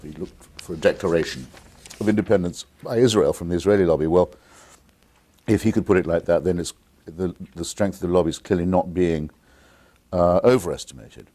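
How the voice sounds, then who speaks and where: A man's voice: sits low, fast talker, dark tone, slightly rough. A man in his fifties from England with an English accent, a guest on a call-in interview, articulate and combative, with frequent restarts. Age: 50s. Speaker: interview guest taking viewer calls.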